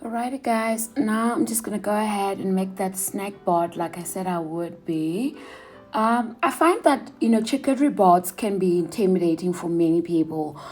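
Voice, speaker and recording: A vlogger in her thirties, with a middle pitch and a darkish tone, talks sincerely in a thoughtful chat video while faint music plays behind her. She occasionally lingers on fillers and begins phrases over.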